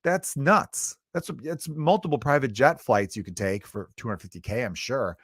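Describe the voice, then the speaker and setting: A man's voice: medium pitch, very animated, normal speed, a bit bright, slightly rough, no room sound. A man hosting his solo comedy podcast, spinning profane, exasperated rants. His voice sits mid-range. The recording is dry and close, with no room sound. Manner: profane, riffing, exasperated ranting. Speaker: podcast host and stand-up comedian. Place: lives in Chicago.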